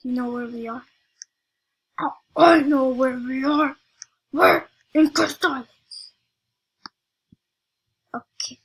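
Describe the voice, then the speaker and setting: A woman giving excitable, casual commentary on a video game she is playing, talking straight to her viewers and often repeating herself. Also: sits high, takes it slowly, long pauses, husky, poor audio. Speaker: gaming video creator. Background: music.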